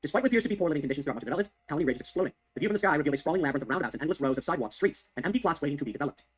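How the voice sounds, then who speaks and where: A man's voice: on the high side, animated, rapid-fire, breathy edge. A man delivering heated, sarcastic political commentary on the news, repeating his points for emphasis. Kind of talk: fast ranting news commentary.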